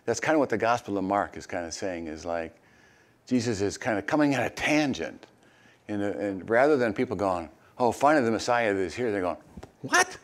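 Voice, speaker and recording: An older man, a retired pastor, preaching a sermon and reading scripture, with hesitant asides full of fillers and sudden animated bursts. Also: a little fast. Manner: animated, jumps high and loud when acting out crowd voices.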